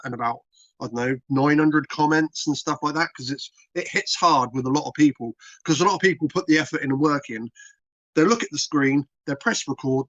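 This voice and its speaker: A British man, a content creator being interviewed, talks in a casual, rambling, repetitive, plain-spoken way. His voice is medium-pitched, mid-range, and a bit bright, heard in a dull, dry recording with no echo.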